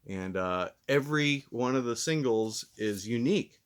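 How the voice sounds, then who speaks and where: A man's voice: medium pitch, expressive, moderate pace, smooth. A man hosting a casual vlog review who talks in a rambling, laid-back, self-deprecating way while mildly stoned. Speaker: host and reviewer.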